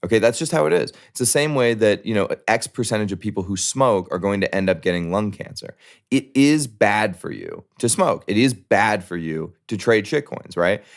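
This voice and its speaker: Man, low voice, blunt and profane, heated podcast guest. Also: animated, normal speed, vocal fry. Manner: emphatic, profane, jumps up in pitch when mimicking others. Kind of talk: heated casual debate.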